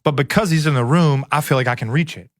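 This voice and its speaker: Relaxed man telling a locker-room story. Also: fairly high pitch, fast talker, no echo, clean studio sound. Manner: relaxed, animated storyteller with many "like" and "you know". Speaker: podcast guest, former football player. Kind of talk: casual storytelling in conversation.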